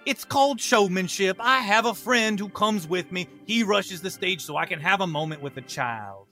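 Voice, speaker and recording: A man puts on a high, lively voice for a smooth-talking con man preacher in a tabletop game. He is theatrical and grandiose, swinging into sing-song flourishes, with a bright edge. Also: moderate pace, faint music behind, full character voice. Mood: defensive.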